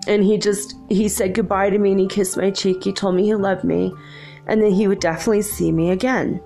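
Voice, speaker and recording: A woman's voice: medium pitch, fairly even intonation, a little fast, creaky, dark tone, soft background music. A woman telling a personal story in a gushing, emotional, rambling way, with many restarts.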